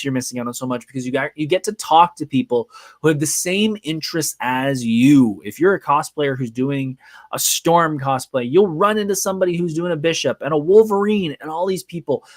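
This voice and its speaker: A man's voice: a little high, dry recording, studio quality. A man hosting a live podcast, telling a rambling, chatty story with lots of fillers. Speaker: podcast host. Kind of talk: casual live podcast monologue. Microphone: podcast mic.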